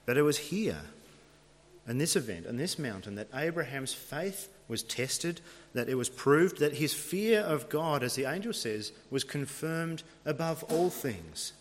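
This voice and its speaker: A man's voice: fairly high pitch, expressive, measured pace, slight background noise. A man preaching a sermon, retelling a scripture story in a dramatic storytelling manner. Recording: long reverb of a large hall.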